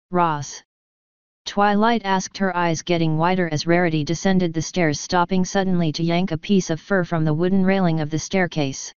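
A woman reading a fanfiction story aloud in a steady, even narration. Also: on the low side, smooth, no room sound. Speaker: fanfiction reader. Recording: dull lo-fi recording.

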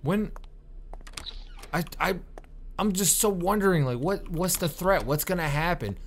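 Young male gamer, nervous and jumpy, swearing through horror game commentary, higher than average voice. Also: lively intonation, unhurried, slight background noise. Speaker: gaming YouTuber.

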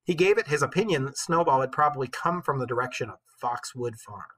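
A male teacher reading a novel aloud with expressive storytelling, pausing to comment for his class. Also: mid-range voice, low-quality recording.

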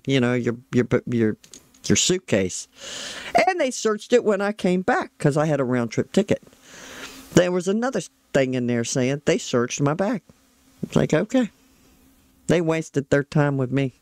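A woman's voice: low-pitched, dry recording. A woman commentator telling a rambling personal story in a chatty, exasperated way, with frequent asides. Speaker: commentator reacting to a trial. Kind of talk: casual storytelling.

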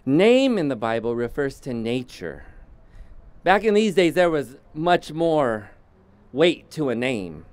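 A man preaching a sermon as pastor, slow and deliberate, often restarting his sentences. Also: mid-range voice, sing-song, darkish tone, clean tone, no room sound.

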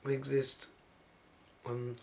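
Man, casual spiritual musing, rambling and unhurried, mid-pitched voice. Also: monotone, vocal fry, slight background noise. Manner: musing, wandering, with soft laughs and trailing-off phrases. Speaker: spiritual vlogger.

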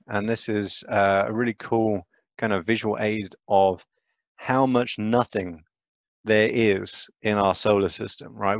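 A man's voice: lowish voice, gravelly, no room sound. A man giving a casual, chatty lecture on astronomy, often checking in with "right?".

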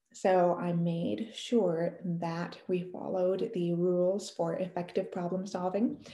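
A woman's voice: fairly low pitch, fairly even intonation, a little slow, few pauses, dark tone, echoey room. A woman in her thirties giving earnest parenting advice, explaining a family conversation step by step. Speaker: parenting educator. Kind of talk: advice talk to camera.

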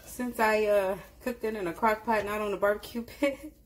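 With slight background noise, a woman's medium-pitched, fairly even voice moves at a moderate pace through a casual cooking demo. This vlogger chats, corrects herself often, and speaks straight to her viewers.

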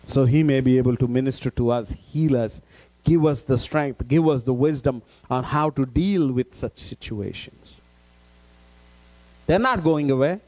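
A man's voice: mid-range voice, unhurried, darkish tone. A man preaching a sermon as a pastor, reading scripture aloud and repeating phrases with emphasis. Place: church.

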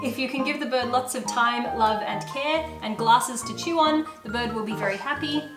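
A woman's voice: a little high, moderate pace. A woman host chatting earnestly and emphatically in a casual Q&A at home. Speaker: YouTuber, parrot owner. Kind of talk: casual Q&A chat. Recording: roomy echo with background music.

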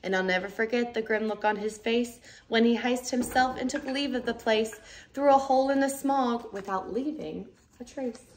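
A woman teacher reading a rhyming storybook aloud, lively and expressive. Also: a little high, normal speed, a little hiss or hum. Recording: roomy echoey room.

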